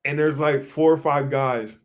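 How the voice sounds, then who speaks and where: A young man co-hosting a podcast, telling a story in casual chat, animated and swearing freely as he acts out what he said back then. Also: on the high side, measured pace. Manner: animated, swears a lot, acts out his own past lines. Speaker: podcast co-host.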